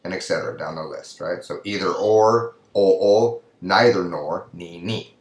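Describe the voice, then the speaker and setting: A man with a very low voice gives a recorded lesson over slides, explaining step by step and often checking in with the listener. His voice rings in an echoey room. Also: normal speed. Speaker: Spanish teacher.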